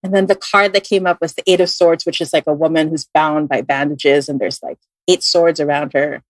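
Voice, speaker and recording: A tarot reader with a Filipino accent, appearing as a podcast guest, tells a story briskly and casually, full of fillers and restarts. She's animated, acting out the voices she quotes with big jumps in pitch, and her voice has no echo.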